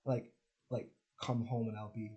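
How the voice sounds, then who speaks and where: A man's voice: mid-range voice, flat delivery, normal speed, mellow, muffled recording. A man from Jamaica ranting in a casual monologue, rambling with lots of restarts and swearing. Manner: rambling, profane, frequent "like" and restarts. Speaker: spiritual content creator.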